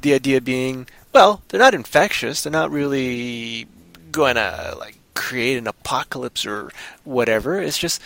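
Bright-voiced man in chatty podcast banter. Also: mid-range voice, a little slow, gravelly, no echo. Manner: rambling, jokey, bursts of loud goofy voices. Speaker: podcast host. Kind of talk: casual chat.

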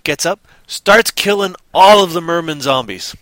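A man chatting on a podcast, animatedly retelling movie scenes and slipping into quick voices for the characters. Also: on the high side, animated, a bit bright, dry recording. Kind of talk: casual chat.

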